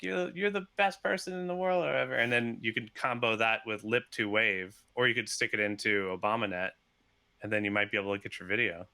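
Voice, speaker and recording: A man, a software developer, chatting as a podcast guest over a video call, laughing often and talking in quick rambling bursts. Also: lowish voice, clear, resonant tone, dry recording. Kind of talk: casual video-call chat.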